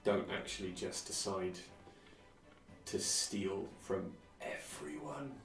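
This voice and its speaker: A man's voice: low-pitched, animated, slow, creaky, a bit bright. A man streaming a video game, chatting casually with dry, sarcastic muttered asides. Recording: roomy, distant mic, faint music.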